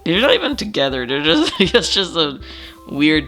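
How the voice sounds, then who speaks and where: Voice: mid-range voice, big pitch swings, normal speed, fairly bright tone, soft background music. An artist casually flipping through a sketchbook, rambling, swearing, laughing often and trailing off, with a slightly stuffy nose.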